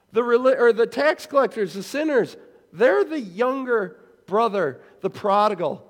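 High-voiced male pastor preaching in a hall. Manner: animated, acts out quoted voices. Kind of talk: sermon.

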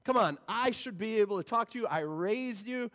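A man's voice: high voice, lively intonation, moderate pace, fairly bright tone. A man voicing a mother who guilt-trips her grown son, nagging and reproachful, in a reverberant church hall.

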